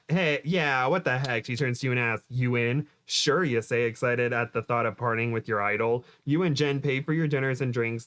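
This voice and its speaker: A man at a medium pitch reads a cheesy story aloud on a casual stream. He breaks off often to laugh and make self-deprecating jokes, then slips back into the narration. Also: fairly bright tone, clean tone. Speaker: co-host reading a fan-fiction book aloud. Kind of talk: casual chat and playful reading aloud.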